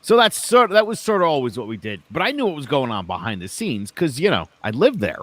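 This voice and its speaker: Male podcast co-host, relaxed storyteller, self-deprecating, dry studio sound. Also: mid-range voice, quick pace, no echo. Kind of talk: casual podcast chat.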